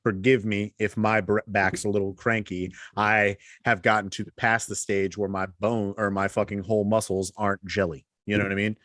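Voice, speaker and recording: A man in his thirties chats on a podcast with a very low, deep voice. He jokes and cusses easily. The sound is dry and close, with no room echo. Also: little pitch movement, moderate pace, few pauses, fairly bright tone. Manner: profane, joking. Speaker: podcast co-host. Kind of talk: casual chat.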